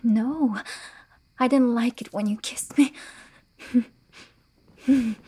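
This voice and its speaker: A woman's voice: a little high, slow pace, mellow, husky. A young woman playing a defiant, haughty noblewoman with a sword in a whispered role-play. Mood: indignant. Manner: haughty, demanding.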